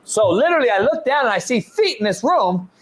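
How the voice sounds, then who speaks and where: A middle-aged man hosting a sports talk show, telling a story in a casual, animated way, swearing often and stumbling over repeated words. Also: very high-pitched, fairly quick. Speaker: show host, football coach.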